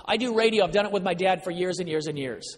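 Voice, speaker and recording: A man telling his personal faith story to an audience with earnest storytelling, moving between excitement and quiet emotion. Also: high voice, quick pace. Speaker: speaker sharing personal testimony. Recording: long reverb of a large hall.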